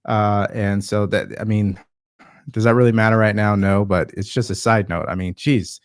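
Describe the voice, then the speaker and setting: A man hosting casual political commentary, talking slowly with lots of fillers and a sarcastic edge. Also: fairly low pitch, fairly even intonation, clean tone, no echo, studio quality. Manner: slow, hesitant with many fillers, sarcastic.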